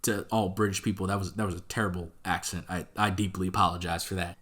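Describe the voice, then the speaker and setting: A man in his twenties giving casual video commentary as a film reviewer, animated and opinionated, with exasperated rants. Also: fairly low pitch.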